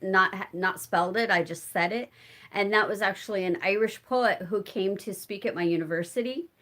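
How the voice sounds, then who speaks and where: With a medium-pitched, slightly bright voice, this American homestead vlogger in middle age chats casually during a live stream. She answers viewers' comments while working on spinning fiber at home.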